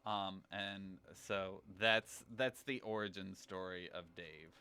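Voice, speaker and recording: A man chatting casually as a game streamer on a livestream, rambling and thinking out loud. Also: deep voice, fairly even intonation, slow, a little hiss or hum. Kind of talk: casual livestream chat while gaming.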